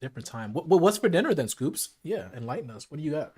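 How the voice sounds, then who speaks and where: A man's voice: fairly high pitch, fast talker, slightly rough. A man hosting a casual late-night livestream from home, chatting in loose slang while eating, through a streaming mic with a noise gate. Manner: relaxed slangy chat, talking while eating. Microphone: streaming mic with noise gate and filters.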